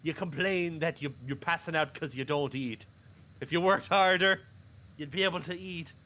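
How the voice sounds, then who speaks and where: A man voicing a gruff, stern peasant father who scolds and mocks his son. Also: fairly high pitch, normal speed, sharp tone. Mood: lecturing.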